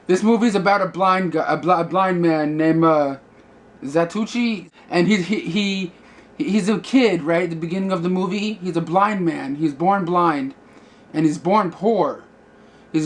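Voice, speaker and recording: Casual male movie reviewer, higher voice, loose and rambling, lots of fillers. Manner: rambling, many fillers and restarts.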